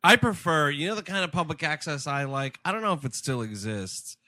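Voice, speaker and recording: A man co-hosting a comedy podcast in a bright, forward voice, tossing out jokes and curses. The sound is dry and close to the mic. He talks in loose, casual banter. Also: fairly high pitch, lively intonation, fairly quick, dry recording. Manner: swearing, jokey, bursts into loud put-on voices. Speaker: podcast co-host.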